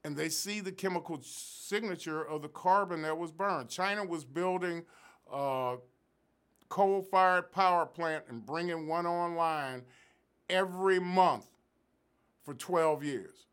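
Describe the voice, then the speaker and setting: A man's voice: on the high side, slow pace, a bit bright, clean tone. A man, a professor, explaining environmental science in an interview with an emphatic, lecturing manner. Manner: emphatic, lecturing, stresses key figures. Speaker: professor and guest expert. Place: Sacramento area.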